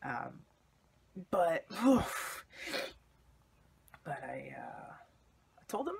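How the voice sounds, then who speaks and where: A man's voice: mid-range voice, very animated, extremely slow, vocal fry, breathy edge. A young man candidly telling a personal story in a vlog, in a confessional way. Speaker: vlogger.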